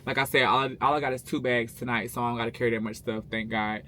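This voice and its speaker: Talking fast with a sharp, steady, medium-pitched voice, this man chats to the camera in a casual trucker vlog. He's sassy and calls viewers babes and honey, recorded in an echoey small room at home or in his truck cab with faint noise behind him.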